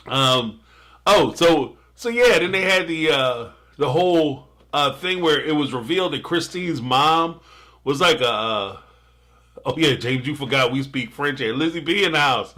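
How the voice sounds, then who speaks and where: A man's voice: fairly high pitch, expressive, normal speed, sharp tone. A man hosting a casual live stream, reacting to a TV episode and reading out viewer super chats with jokes, playful asides and frequent laughter.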